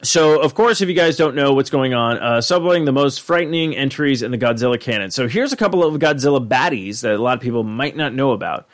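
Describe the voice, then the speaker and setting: Man, podcast co-host, rambling casual chat, swears a lot, animated. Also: medium pitch, fast, hardly any pauses.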